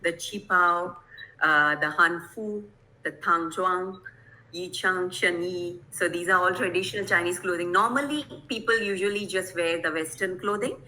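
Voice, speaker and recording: A woman's voice: lowish voice, moderate pace, pushed and bright, slight background noise, rough recording. A woman from Kerala, giving an online lecture to teachers over a video call, explaining things patiently and often checking whether her listeners follow. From Kerala, India. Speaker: guest presenter.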